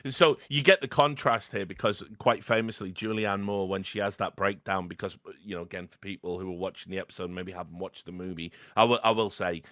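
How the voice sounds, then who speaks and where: Male podcast host, low-ish bright voice, animated and profane. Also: a little fast, few pauses, no room sound, clean studio sound. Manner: rambling, animated, swears often, laughs mid-sentence. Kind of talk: casual film chat.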